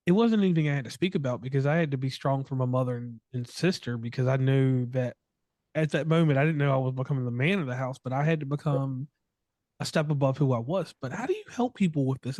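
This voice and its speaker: A man's voice: medium pitch, fairly quick, darkish tone, no echo. A man in his thirties interviewing a guest, chatty and joking, with long rambling questions. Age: 30s. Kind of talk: casual interview.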